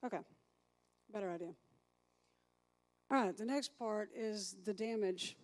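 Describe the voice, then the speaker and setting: A woman's voice: mid-range voice, unhurried, a little mellow. A woman teaching a recovery class as a sponsor, chatty, thinking aloud and asking the group questions.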